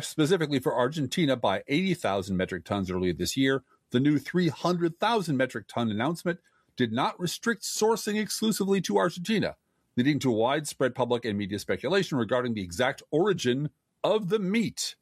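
A man's voice: medium pitch, no room sound, studio quality. A man co-hosting a political podcast, reading news quotes with sarcasm. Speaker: podcast co-host. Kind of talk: political commentary chat.

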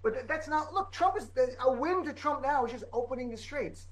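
A man co-hosting a political talk show as a comedian, talking in emphatic, heated bursts and rapid-fire lists. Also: very high voice, expressive, a bit bright, low-quality recording. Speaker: comedian and co-host. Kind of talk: political commentary chat.

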